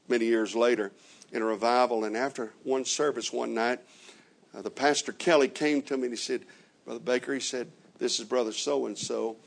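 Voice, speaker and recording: A man preaching a sermon, slowly retelling a story with many reported quotes and dramatic pauses. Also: mid-range voice, gravelly. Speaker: traveling preacher.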